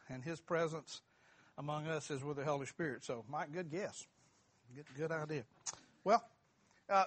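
A man's voice: on the high side, fairly bright tone. A middle-aged man teaching a church Bible class, joking and quizzing the group. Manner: folksy, asks the group questions, self-deprecating humor.

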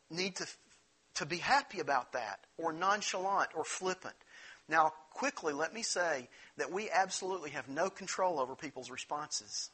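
A man's voice: on the high side, bright, forceful tone, breathy edge. A man preaching a sermon in an earnest, conversational way, often restarting his phrases. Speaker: pastor.

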